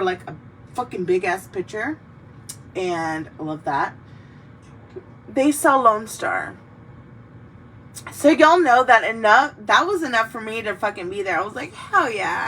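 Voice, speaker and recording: A woman's voice: medium pitch, fairly bright tone. A young woman hosting a casual drinking chat, rambling, swearing freely and heartfelt. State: tearful in places. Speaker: host. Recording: mic a bit distant, faint background noise.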